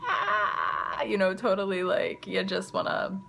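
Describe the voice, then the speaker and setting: Chatty mom with a gravelly low voice. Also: female voice, normal speed, a bit bright, slight background noise. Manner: chatty, lots of "like" and "you know". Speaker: mother and vlogger. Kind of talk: casual storytelling to camera.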